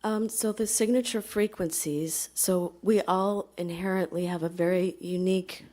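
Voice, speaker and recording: A woman asks questions in a soft, hesitant way, pausing on fillers. Her voice sits somewhat low and sounds mellow and relaxed. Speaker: audience member asking questions. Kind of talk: live question-and-answer exchange.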